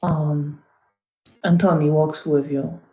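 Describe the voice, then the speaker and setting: A game master narrating a tabletop session at an unhurried pace, pausing on many ums. The voice is gravelly, and the echoey, slightly muffled recording makes the room sound large. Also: mid-range voice, flat delivery, dark tone. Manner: slow narration with frequent ums. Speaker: storyteller. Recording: echoey, slightly dull audio.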